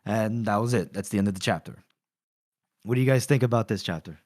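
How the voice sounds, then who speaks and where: A man's voice: lowish voice, fast, a little mellow, no echo, studio quality. A man co-hosting a podcast, casually retelling a book chapter and acting out bits of dialogue. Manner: retells scenes, acting out lines. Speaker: podcast co-host.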